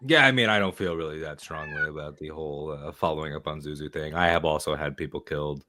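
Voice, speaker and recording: A man playing a tabletop role-play game, talking in a rambling, halting, jokey way. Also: rumbling low, bright, forceful tone. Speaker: player.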